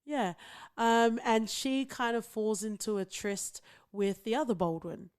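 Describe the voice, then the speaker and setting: On the high side and unhurried, this podcast co-host has a slightly mellow, clear, resonant voice. She's from outside the US and chats casually, dropping in lots of fillers and little laughs.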